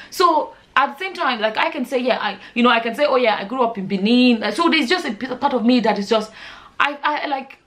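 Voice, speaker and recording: A Nigerian woman talking casually in a Q&A vlog, telling animated stories and slipping into Pidgin. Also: on the high side, fairly quick. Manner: animated storyteller, slips into Pidgin. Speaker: vlogger.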